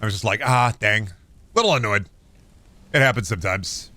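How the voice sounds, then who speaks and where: A married man streaming a video game, rambling sarcastically and insisting in mock calm that he is not mad. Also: on the low side, quick pace, no room sound. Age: adult, married. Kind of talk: casual gameplay chat.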